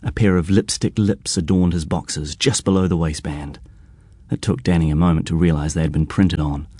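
A man reading a novel aloud in a measured, even storytelling voice. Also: extremely low pitch, slightly rough, no echo, clean studio sound. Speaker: audiobook narrator. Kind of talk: scripted narration.

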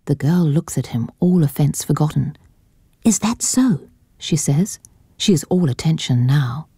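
A woman narrating a story in a measured audiobook delivery. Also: deep voice, dark tone, slightly rough, no echo, clean studio sound.

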